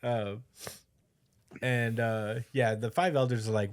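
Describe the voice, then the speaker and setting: A man's voice: mid-range voice, steady tone, slow, pauses often. Casual man rambling through a recap. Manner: rambling, many fillers, acts out quotes. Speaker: podcast co-host.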